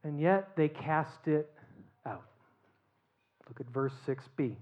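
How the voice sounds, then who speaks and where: A pastor preaching a sermon, telling the story with animated rhetorical questions and often dropping to a hushed tone. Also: mid-range voice, takes it slowly. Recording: dull lo-fi sermon recording.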